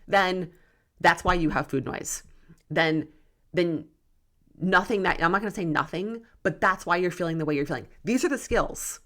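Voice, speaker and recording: Speaking at a moderate pace, this podcast host and nutrition coach has a somewhat low, slightly bright voice. The young woman delivers her solo show with fired-up intensity, pushing listeners with tough love.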